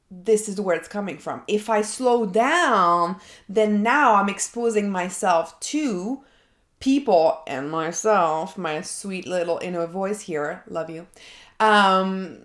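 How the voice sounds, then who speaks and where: Slow, reflective woman coach in a roomy echo. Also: mid-range voice. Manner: reflective, thinking aloud with sighs and laughs. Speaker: life coach. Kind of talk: unscripted self-coaching monologue.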